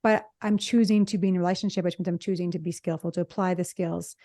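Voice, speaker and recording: A quick-talking woman psychologist explains her ideas with examples and little acted-out quotes. Her voice is dark and mellow, and it sits dry and close to the microphone with no room sound. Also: on the low side, steady tone, no echo. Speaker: relationship psychologist, podcast co-host. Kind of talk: conversational podcast discussion.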